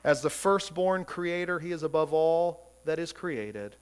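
A male pastor preaches emphatically in a fairly high, clear, resonant voice with lively intonation, taking his time over each phrase at a measured pace. He asks rhetorical questions and stumbles over repeated words as he builds his point.

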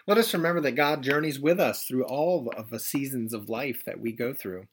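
A man in his thirties delivers a sermon from the pulpit, pitched at an ordinary middle register. He preaches gently and conversationally, slipping in folksy asides and homely comparisons. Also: normal speed, slight background noise. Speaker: pastor.

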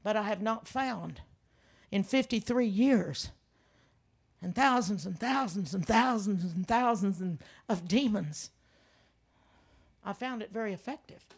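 An older woman preaching a sermon, telling stories with animated emphasis and frequent laughs. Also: medium pitch, measured pace, long pauses, husky. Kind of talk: sermon with storytelling.

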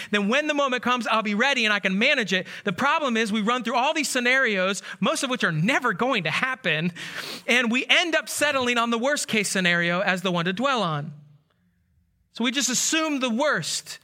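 A man preaching a sermon as pastor, telling stories and acting out the people in them. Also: high-pitched. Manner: storytelling with animated quoted voices.

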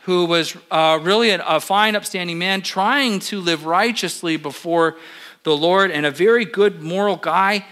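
Bright-voiced man preaching conversationally. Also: high-pitched, unhurried. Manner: conversational, quizzes the congregation; relaxed with frequent fillers. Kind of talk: sermon.

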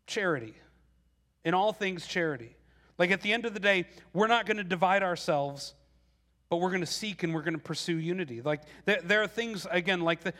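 Higher-voiced conversational male pastor. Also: bright, forceful tone. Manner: conversational, with frequent "like" and repeated words. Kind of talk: sermon.

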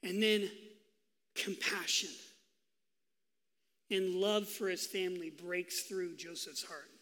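A man preaching a sermon as pastor, telling the story with lively, acted-out quotes. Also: high-pitched, slow, in a large hall. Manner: animated storytelling, acting out voices in quotes.

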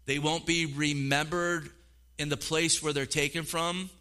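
A middle-aged male pastor preaching a sermon in an animated way, acting out quoted voices and repeating words as he goes. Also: on the high side, measured pace.

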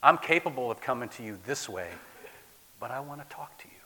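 A man from the Midwest preaching a sermon as a guest pastor, swinging from loud declaiming to soft near-whispers, in a church. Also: mid-range voice, expressive, brisk. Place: church sanctuary. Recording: long hall reverb.

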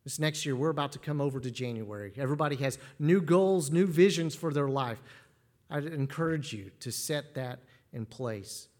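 A man's voice: fairly high pitch, normal speed, darkish tone. A man preaching a sermon as pastor, earnest and given to repeating words as he starts a phrase.

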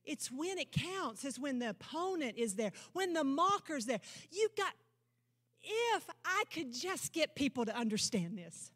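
Her sermon moves at a measured pace with a sing-song lilt, as this woman pastor alternates loud proclamations with low, intense asides during a church service. She drives her points with emphatic declarations and rhetorical questions.

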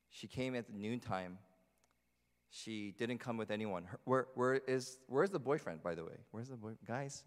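A man's voice: mid-range voice, clear, resonant tone. Chatty preacher man in a reverberant sanctuary. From New Jersey. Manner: chatty, asks the congregation questions. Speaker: pastor. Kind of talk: conversational sermon. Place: church sanctuary. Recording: long hall reverb.

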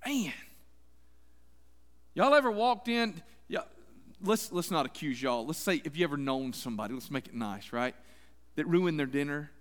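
Man, pastor preaching, high voice, long reverb. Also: sing-song, normal speed, long pauses, a bit bright. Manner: folksy and conversational, addressing the congregation as y'all. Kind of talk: sermon.

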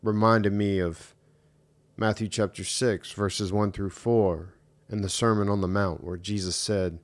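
A man's voice: lowish voice, steady tone, unhurried. A middle-aged man hosting a solo podcast and telling a story in an earnest, emphatic way, repeating his key points. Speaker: podcast host. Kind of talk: reflective solo podcast monologue.

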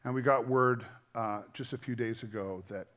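A middle-aged man preaching a sermon as pastor, earnest and conversational, shifting between quiet, intimate moments and louder emphasis. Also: mid-range voice, steady tone, normal speed.

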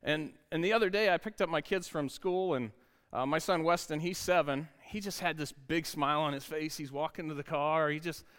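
A man's voice: a little high, moderate pace, a bit bright, smooth. A man, preaching a sermon in an upbeat, conversational way and asking the congregation questions. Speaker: pastor.

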